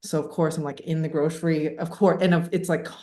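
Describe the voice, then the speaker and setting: A woman in her thirties telling a personal story as a podcast guest, animated and laughing, with many fillers. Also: low-pitched, fast. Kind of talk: casual storytelling interview. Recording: echoey room.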